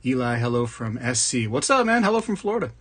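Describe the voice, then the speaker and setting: A man's voice: medium pitch, sing-song, fast, fairly bright tone. A man hosting a casual livestream, greeting viewers by name and joking along as he reads the chat. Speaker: livestream host. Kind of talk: casual live chat reading comments.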